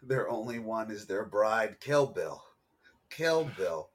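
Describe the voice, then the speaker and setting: A man co-hosting a casual podcast chat about films, animated and given to loud, high exclamations. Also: slow pace. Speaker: podcast co-host.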